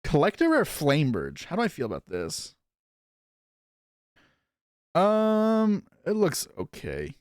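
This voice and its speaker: A young man streams live, talking casually and answering his chat as he opens card packs. His voice sits fairly high and swings up and down a lot. The sound is close and dry, with no room in it. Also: wildly swooping pitch, no room sound. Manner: chatty, reacting to chat, quick asides.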